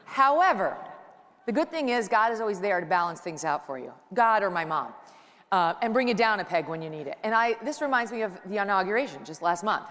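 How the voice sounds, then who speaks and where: A middle-aged woman at mid pitch talks into a handheld mic on a conference stage, chatty and joking as she tells stories to the crowd. Her voice rings out with a long reverb tail from the big hall. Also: very animated, a little fast, a bit bright. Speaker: conference speaker, talk show host. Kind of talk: lively stand-up style speech.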